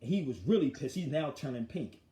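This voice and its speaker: Animated storytelling man, roomy echo. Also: mid-range voice, fairly quick, noisy background. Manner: forceful, animated retelling of an argument. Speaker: show host. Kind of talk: casual street talk storytelling.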